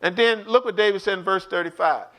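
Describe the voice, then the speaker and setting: Bright, high-voiced man preaching with animation. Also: quick pace. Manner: animated preaching, acts out quotes, addresses listeners directly. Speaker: Bible study teacher. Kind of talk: online Bible study sermon.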